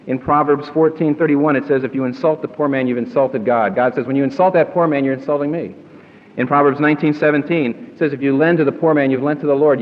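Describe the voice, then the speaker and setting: A man preaching an emphatic sermon to a congregation, often putting questions to his listeners. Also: medium pitch. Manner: emphatic, asks the audience questions. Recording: muffled recording in a reverberant hall.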